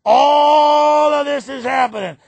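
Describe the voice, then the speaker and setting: A man doing a satirical impression of a sneering, domineering male president, shouting and ranting in a gravelly voice. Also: very high-pitched, slow, dry recording, exaggerated voice. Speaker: radio talk host. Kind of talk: satirical impression on talk radio.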